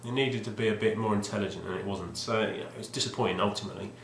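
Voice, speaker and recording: Speaking very fast in a fairly low, slightly bright voice, a man rambles about his video game finds. He's hesitant, offers wry asides, and restarts often, and the home recording sounds roomy and echoey.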